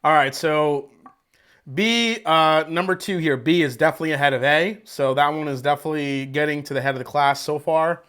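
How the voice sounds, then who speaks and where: A man's voice: a little high, a little fast, fairly bright tone, smooth. Chatty man hosting a tasting livestream. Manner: loose, chatty, rambling, swears and laughs easily. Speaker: whiskey reviewer hosting a livestream. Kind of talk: casual livestream tasting chat. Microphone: wireless microphone with battery pack.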